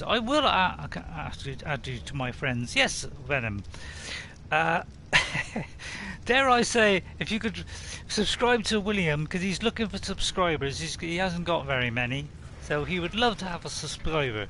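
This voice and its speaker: Slightly slow but animated, this Bristol man's high-leaning voice comes across pushed and bright, with a bit of background noise. Speaking with a West Country English accent, he chats casually on a game stream, chuckling and reading out viewer messages.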